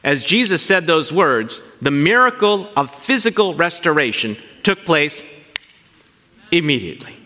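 A man preaching a sermon, animated and asking his listeners questions as he teaches. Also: fairly high pitch, unhurried, in a large hall. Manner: animated, asks the congregation questions. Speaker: pastor.

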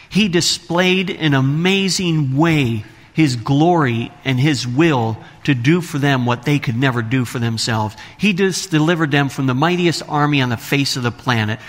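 A man's voice: medium pitch, fairly bright tone. A man preaching a sermon to his congregation, reading scripture aloud and asking the listeners questions. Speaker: pastor. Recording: long hall reverb.

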